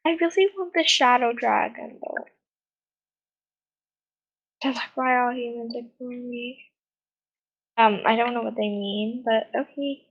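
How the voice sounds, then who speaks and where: A woman's voice: fairly high pitch, takes it slowly, pauses often, dull audio. A woman hosting a gaming channel in a chatty, rambling way, often sighing and giggling, with a non-American accent. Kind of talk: casual gameplay commentary.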